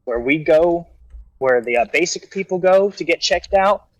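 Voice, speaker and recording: A man's voice: a little high, expressive, moderate pace, no echo, rough recording. Man telling a rambling story. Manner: rambling anecdote with acted-out quotes and restarts. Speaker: guest storyteller. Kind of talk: casual storytelling.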